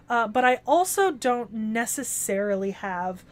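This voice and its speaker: A woman's voice: fairly high pitch, moderate pace. A young woman with a Californian accent chatting casually on an anime club podcast, rambling with lots of "like" and "um" and asking "right?". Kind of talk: casual chat.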